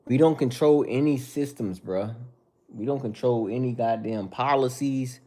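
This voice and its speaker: A man's voice: mid-range voice, unhurried, warm tone. A man hosting a casual livestream, answering viewer chat in a mocking, profane, confrontational way.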